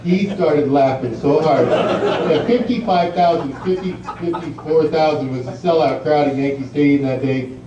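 A man's voice: on the high side, moderate pace, noisy background. Man telling stories in an echoey hall. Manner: rambling anecdotes, many fillers, laughs at his own stories. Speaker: guest speaker at an induction ceremony. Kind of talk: storytelling speech. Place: large banquet hall. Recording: distant, muffled, echoey hall recording.

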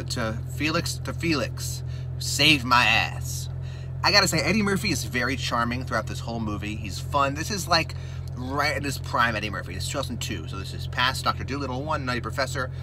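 A man rambling through a movie recap while his mouth burns from spicy chips, slipping into excited impressions. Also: mid-range voice, fairly quick, music in the background. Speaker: mukbang host.

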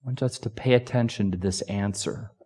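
A man preaching a sermon in a church, reading scripture slowly and dramatically and dropping to a hush at the close. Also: lowish voice. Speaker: pastor. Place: church sanctuary.

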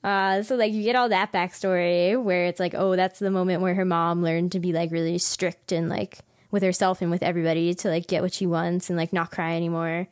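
A woman's voice: lowish voice, little pitch movement, clear, resonant tone, dry recording. Chatty woman full of "like"s, dry mic. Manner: chatty, lots of "like", quick laughs. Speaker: manga podcast co-host. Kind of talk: casual chat.

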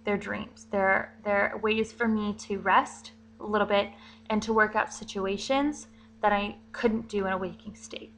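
A woman's voice: medium pitch, fairly even intonation, unhurried, vocal fry, a bit bright, slight background noise, rough recording. A young woman vlogging casually, chatty and rambling, with fillers and little giggles. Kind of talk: casual vlog monologue.

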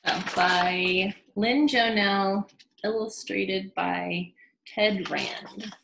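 A woman leading a children's storytime with songs and baby signs, talking in a slow, sing-song, encouraging way. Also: mid-range voice, steady tone, creaky, roomy sound, noisy background.

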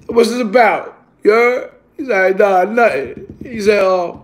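A man's voice: high-pitched, animated, normal speed. A man telling a profane, streetwise story from his workday, acting out the other people and the sound effects himself. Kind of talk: casual spoken storytelling.

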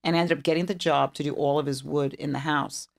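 A middle-aged woman with a gravelly, fry-laden voice, telling a long story as a podcast guest. She talks animatedly and acts out what everyone said, jumping into the quoted lines. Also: deep voice, steady tone, fast talker. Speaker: interior designer guest. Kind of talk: storytelling interview chat.

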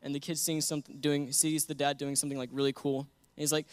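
An earnest young man preaches in a smooth, resonant voice that sits a little high for a man. He moves between scripture and his own story and laughs easily between points. The sound is dry and close, with no room echo. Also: flat delivery, fast talker, few pauses. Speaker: guest preacher. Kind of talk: sermon with personal story.

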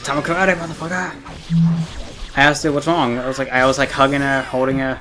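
A man's voice: mid-range voice, level tone, fast, background noise. Rambling young man telling a story. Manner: rambling, heavy on fillers and swearing. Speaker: gaming streamer. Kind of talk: casual storytelling while playing a game.

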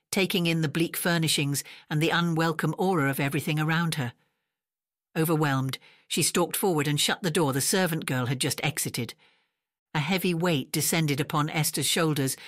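Low-voiced woman reading an audiobook. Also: no echo, clean studio sound. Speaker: audiobook narrator. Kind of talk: scripted narration.

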